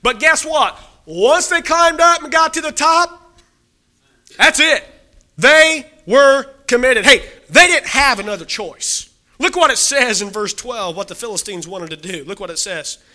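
A man preaching a sermon, talking to the congregation and swinging between loud exhortation and quiet scripture reading. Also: very high voice, expressive, moderate pace.

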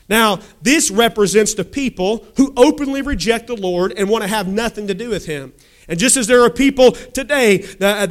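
Brief: high-pitched male preacher, emphatic sermon delivery, calls for amens. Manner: emphatic, asks the congregation questions and calls for amens.

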